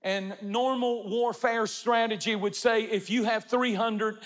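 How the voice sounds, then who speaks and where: A man's voice: high voice, fairly even intonation, a little slow, long reverb tail. A man preaching a sermon as pastor, building emphatic, repetitive rhythms.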